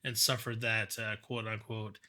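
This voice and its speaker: A man co-hosting a casual podcast chat. His voice is very bright and forward, and he talks loosely, restarting phrases and adding asides. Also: fairly low pitch, level tone. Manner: rambling, restarts and quick asides. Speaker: podcast co-host.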